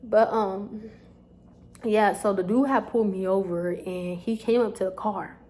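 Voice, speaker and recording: A woman's voice: medium pitch, a little slow. Chatty young woman telling a story. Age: young adult. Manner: animated, chatty, talks straight to viewers. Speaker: vlogger. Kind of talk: storytime vlog.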